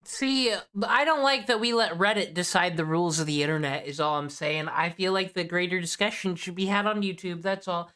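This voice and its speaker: A woman's voice: fairly low pitch, fairly quick, hardly any pauses, bright, forceful tone, clean tone. A woman streamer giving casual reaction commentary, blunt, profane and opinionated.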